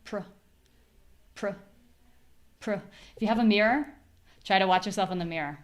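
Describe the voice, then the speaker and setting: A young American woman teaching a live online pronunciation class, clearly drilling syllables and explaining word stress. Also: mid-range voice. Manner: clear, demonstrative, repeats syllables slowly for drills.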